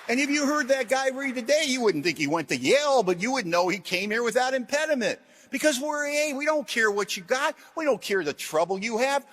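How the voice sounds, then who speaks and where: Middle-aged man, fairly high voice, recovery talk to a crowd, wry self-mocking humor, punchy one-liners. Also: animated, fairly quick, few pauses. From Washington, USA. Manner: emphatic, swings from loud jokes to quiet earnestness. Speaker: AA convention speaker. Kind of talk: recovery talk to a large audience.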